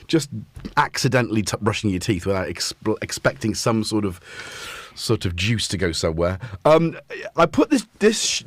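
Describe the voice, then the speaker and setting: A man's voice: on the low side, dry recording. A middle-aged man, hosting a casual live stream and chatting in a playful, rambling way with frequent chuckles. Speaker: host.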